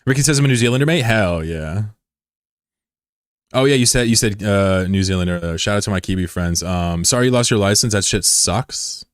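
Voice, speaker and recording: A man in his thirties from the United States, chatting casually on a live stream with swearing and sudden high yelps of surprise. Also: normal speed, smooth, no room sound, studio quality. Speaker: game streamer.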